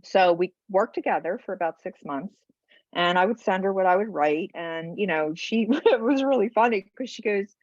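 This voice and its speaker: A woman's voice: medium pitch, animated, moderate pace, dry recording. A middle-aged woman, a guest on a podcast, telling her own story with feeling and acting out other people's words as she goes. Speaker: guest, bereaved mother. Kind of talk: emotional personal storytelling. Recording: dull lo-fi podcast audio.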